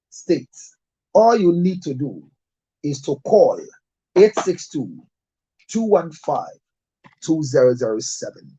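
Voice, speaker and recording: A Ghanaian man, a pastor and TV counselor, closing his show with blessings and slow, repeated product adverts. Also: medium pitch, warm tone, breathy edge, lo-fi sound. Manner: preacherly, repeats phone numbers slowly.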